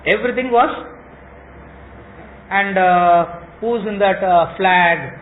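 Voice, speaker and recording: A man's voice: high voice, slow. A man teaching a scripture class, repeating his phrases and quizzing listeners with rhetorical questions. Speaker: spiritual teacher. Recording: tinny phone-like lo-fi recording with faint noise.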